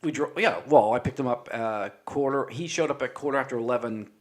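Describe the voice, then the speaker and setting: A man's voice: medium pitch, a little fast. Canadian man telling a laugh-filled story. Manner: animated, laughs often, acts out quotes. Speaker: podcast guest telling a story. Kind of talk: casual storytelling.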